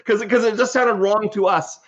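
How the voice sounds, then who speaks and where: A high-pitched man talks as a podcast guest, spinning animated, rambling anecdotes that restart mid-sentence. The audio sounds dull and lo-fi, like a remote recording. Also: normal speed. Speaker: podcast guest, game designer. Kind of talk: casual anecdotal storytelling.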